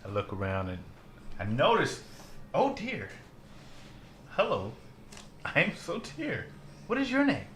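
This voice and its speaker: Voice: medium pitch, huge pitch swings, a bit bright, reverberant, a little hiss or hum, exaggerated voice. A player voicing a polite, puzzled construct of living metal who speaks formally. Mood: courteous. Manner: slow, formal, stiffly courteous.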